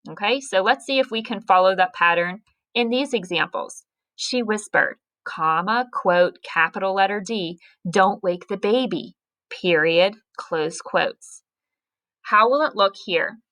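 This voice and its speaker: Slow, bright-voiced woman teaching grammar. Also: medium pitch. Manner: slow, careful, spelling out punctuation step by step. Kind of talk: recorded grammar lesson.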